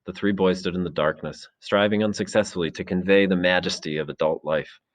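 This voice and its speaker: A man narrating a novel aloud in a measured, dramatic storytelling manner. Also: deep voice, steady tone. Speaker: teacher reading a novel aloud. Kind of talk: expressive audiobook narration.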